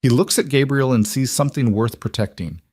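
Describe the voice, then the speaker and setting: A man's voice: medium pitch, a little fast, darkish tone, breathy edge, no echo, studio quality, pitched above the performer's own voice, lightly acted. A man voicing a determined young mother, a former field medic, who speaks tense and urgent.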